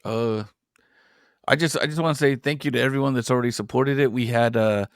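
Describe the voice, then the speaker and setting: A young man, a comic book creator and podcast guest, telling stories in an animated way with lots of swearing. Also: medium pitch, a little fast, clear, resonant tone, dry recording, clean studio sound. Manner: animated storyteller, swears freely. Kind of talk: casual chat.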